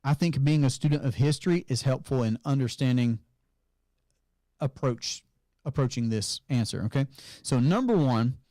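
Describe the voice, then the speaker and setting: Casual southern guy from north carolina, financial coach doing a live q&a, talks easy and keeps saying okay, mid pitch. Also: lively intonation, moderate pace, dark tone. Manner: chatty, reads viewer comments aloud, tags lines with "okay?". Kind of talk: casual livestream Q&A. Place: office. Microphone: clip-on mic added partway.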